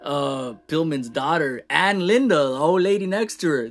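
A man ranting casually in a wrestling show review, animated, swearing and laughing at the shocking moments. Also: on the high side, normal speed, hardly any pauses, soft background music. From Latino. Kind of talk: casual recap rant.

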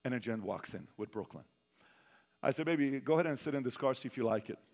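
In a reverberant hall, a sales trainer speaks to a sales audience in a mid-range, somewhat mellow voice that is expressive and quick. His motivational talk is full of animated stories in which he portrays the people involved.

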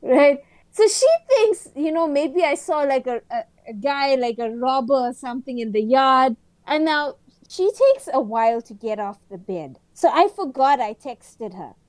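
High-voiced, excitable woman telling a story. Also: measured pace, no echo. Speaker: podcast co-host. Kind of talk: casual chat.

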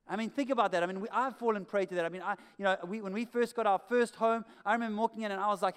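A man preaching a sermon as pastor, animated and emphatic, often repeating key phrases. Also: high voice, rapid-fire, few pauses, clean tone. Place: church hall.

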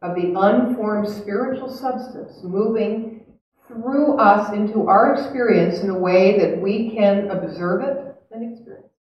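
A woman's voice: mid-range voice, muffled recording, a little hiss or hum. Earnest woman speaker in an echoey hall. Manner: earnest, chatty, laughing, reflective. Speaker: spiritual speaker. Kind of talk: spiritual talk to a live audience. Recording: echoey hall, heard from a distance.

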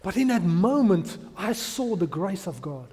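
A man in his thirties delivers a heartfelt sermon testimony, his slightly high voice swelling into loud emphasis. The sound carries a long reverb from a big hall. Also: very animated, unhurried. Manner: emotional storytelling, rising to loud emphasis. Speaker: preacher.

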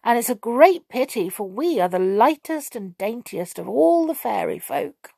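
Ein stolzer, wehmütiger kleiner Wassergeist, von einer Frau gesprochen, lebhaft und etwas höher. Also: female voice, on the high side, big pitch swings, unhurried, gravelly, warm tone, breathy edge, no room sound, clean studio sound, voice pushed up, exaggerated voice. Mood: rueful. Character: proud, rueful little water sprite.

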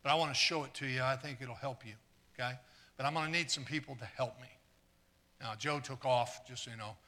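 A man preaching a live sermon, earnest and stumbling over repeated words, trading jokes with the congregation and swinging from quiet asides to fired-up exclamations. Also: mid-range voice, fairly quick. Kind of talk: live sermon with audience volunteers.

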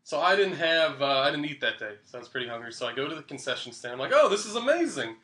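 A man's voice: medium pitch, very fast, pushed and bright, echoey room. A young man telling a funny story in casual chat, laughing often and acting out the people in it. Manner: laughs often, acts out quoted voices. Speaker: podcast guest.

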